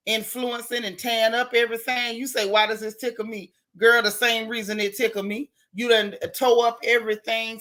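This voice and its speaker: A woman's voice: on the high side, pushed and bright. A woman hosting a casual livestream chat, reading viewer comments aloud and answering them with sassy, emphatic commentary. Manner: addresses viewers by name.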